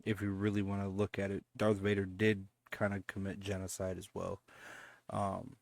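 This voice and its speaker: A man's voice: deep voice, monotone, normal speed, vocal fry, no echo. A laid-back man hosting a casual reaction video, often repeating himself and chuckling. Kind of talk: casual chat.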